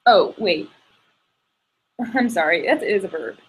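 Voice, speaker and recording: A woman's voice: medium pitch, lively intonation, slow pace, breathy edge, rough recording. A woman student in a Greek tutoring session, eager and checking her answers.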